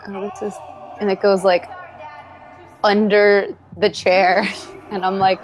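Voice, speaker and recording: A woman's voice: medium pitch, level tone, slow pace, dull audio. A woman from the cast, casually commenting on a show video and giggling as she recounts mishaps. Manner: giggly, storytelling.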